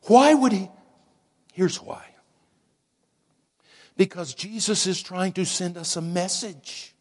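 A man preaching a sermon slowly and dramatically, dropping at times to a hushed near-whisper for emphasis. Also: high-pitched. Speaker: pastor.

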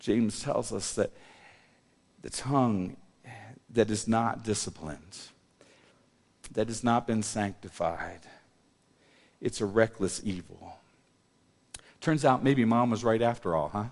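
A middle-aged male pastor preaching a sermon in a church, animated, swinging between loud emphasis and quiet asides. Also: fairly low pitch, slow pace, long pauses. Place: church hall. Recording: long reverb of a church hall.

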